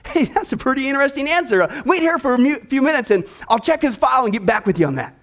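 A man putting on a police officer whose voice climbs very high as he loses patience with hopeless recruits. He sounds incredulous and exasperated. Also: sing-song, fast, a bit bright, full character voice. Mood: amazed.

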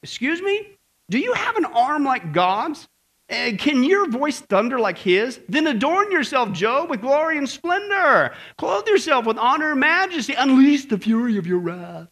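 A man voicing God as a stern, scolding figure, delivering indignant, booming rebukes. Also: very animated, normal speed, fairly bright tone, heavily acted.

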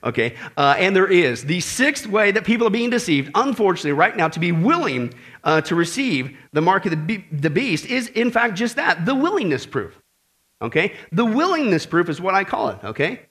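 A man preaches to a congregation in a lively, conversational style, tossing in jokes and frequently asking "okay?" His voice is high and his pace brisk.

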